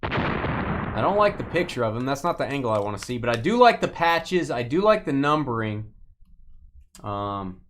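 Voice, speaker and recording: A man's voice: mid-range voice, big pitch swings, moderate pace, pauses often, fairly bright tone, slight background noise. A man hosting a live trading-card break, calling out cards and playfully teasing viewers by name. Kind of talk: casual live-stream commentary.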